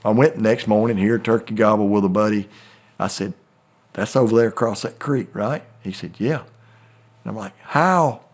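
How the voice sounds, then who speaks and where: A man's voice: on the low side, steady tone, normal speed, darkish tone. Folksy Southern man telling hunting stories. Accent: Southern American. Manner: folksy, rambling storyteller with Southern phrasing. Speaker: turkey hunting guide. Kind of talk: casual storytelling chat.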